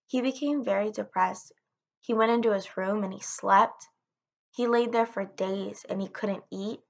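A woman narrating a folktale in a steady, plain storytelling manner. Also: mid-range voice, unhurried, vocal fry, highs cut off.

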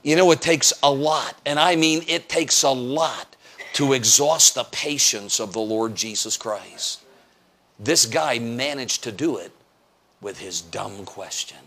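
An American evangelist preaches an emphatic sermon at a church evening service, his medium-pitched voice moving at a measured pace. He fires off rhetorical questions, acts out quotes, and sometimes raises his voice to a shout.

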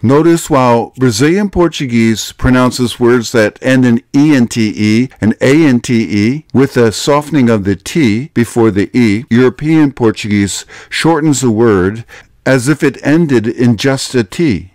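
A man's voice: mid-range voice, darkish tone, dry recording. A man giving scripted, explanatory narration for a language lesson video. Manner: explanatory, measured.

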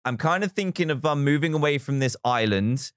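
A man's voice: a little high, animated, brisk, dry recording, studio quality. A man hosting a live game stream in a playful, chatty manner, thanking viewers as he plays. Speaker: livestream host.

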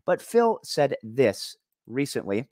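A man's voice: mid-range voice, sing-song, takes it slowly, darkish tone, no room sound, clean studio sound. A man hosting an opinion commentary vlog, talking in an emphatic, argumentative way. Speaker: commentary channel host.

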